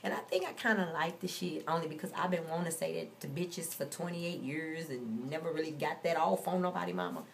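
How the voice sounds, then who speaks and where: Blunt, profane woman with gravelly voice. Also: deep voice, fairly quick, hardly any pauses, a little hiss or hum. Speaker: vlogger. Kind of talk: casual storytelling rant.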